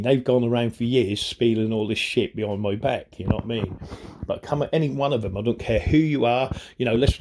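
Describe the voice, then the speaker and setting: A man's voice: mid-range voice, background noise. A man ranting angrily to camera in a rambling, profane way, often repeating "you know what I mean", his voice strained with anger. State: voice strained when angry. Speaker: vlogger. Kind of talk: angry rant to camera.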